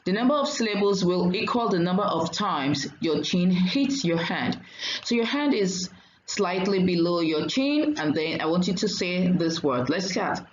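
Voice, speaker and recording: A woman teacher giving a diction lesson, saying each word slowly and clearly and repeating it for learners. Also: on the low side, expressive, reverberant, highs cut off, a little hiss or hum.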